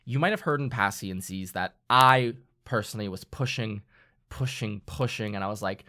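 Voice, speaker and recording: A man hosting a casual podcast chat about running a tabletop game, excitable and animated, often acting out quotes. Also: lowish voice, moderate pace. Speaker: dungeon master and podcast host.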